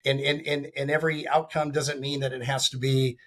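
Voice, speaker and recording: A man's voice: mid-range voice, flat delivery, a little fast, a bit bright. A man speaking as a guest on a podcast interview, talking in a rambling way with lots of fillers and restarts. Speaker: guest, firearms training company founder.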